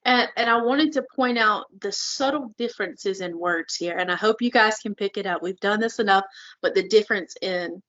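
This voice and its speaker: A woman co-hosting a casual podcast chat, earnest and quick to laugh. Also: mid-range voice, a bit bright, dull audio. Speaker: podcast co-host.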